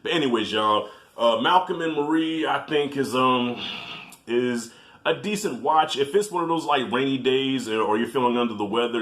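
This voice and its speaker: A man reviewing a film in a casual vlog, telling animated stories, swearing freely and addressing viewers directly. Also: mid-range voice.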